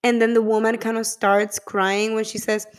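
A woman's voice: on the high side, flat delivery, normal speed. Gushing woman vlogger. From Spain. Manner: gushing, profane, chatty. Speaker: vlogger reviewing a film. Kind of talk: casual chat.

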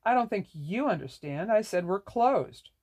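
A reader voicing a rude, sneering middle-aged woman who runs an inn, raised in pitch. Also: animated, normal speed, darkish tone, close to an everyday voice. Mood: curt. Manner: curt, scornful.

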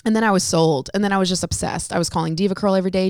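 Talking very fast at medium pitch, a hairstylist and salon owner from Connecticut tells stories in a casual interview. She acts out the dialogue with lively energy, and the studio sound is clean with no room noise.

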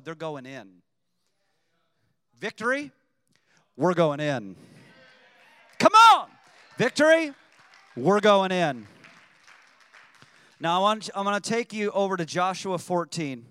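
A man preaching a sermon as pastor, rising at times to shouted emphasis. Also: high voice, clean tone, no room sound, big-room sound.

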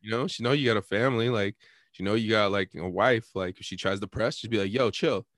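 A man's voice: lowish voice, a little fast, fairly bright tone, no room sound, studio quality. A young man telling a prank story in casual chat, laid-back and slangy, laughing often and acting out both sides.

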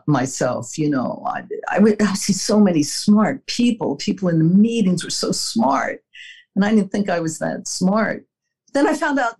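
A former executive being interviewed, the older woman recounts personal stories earnestly with small laughs and occasional restarts. Her lowish voice is a little mellow and slightly rough, and the audio is poor.

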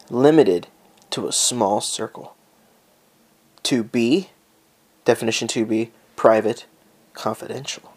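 Rambling, profane male podcast host. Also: mid-range voice. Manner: rambling, profane, joking, easily sidetracked. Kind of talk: casual solo podcast chat.

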